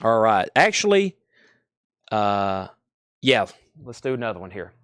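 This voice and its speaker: A man's voice: lowish voice, very animated, measured pace, fairly bright tone, clean tone, no room sound, clean studio sound. A man with a Tennessee Southern accent, hosting a live-streamed record sale and rattling off bids and prices, often repeating himself. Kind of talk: live-stream auction selling.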